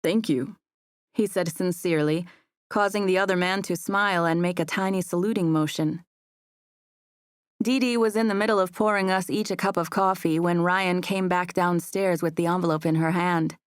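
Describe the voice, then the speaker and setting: Woman narrating a story, low and dry. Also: fairly even intonation, normal speed, clean tone, dry recording. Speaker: audiobook narrator. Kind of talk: first-person audiobook narration. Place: recording booth.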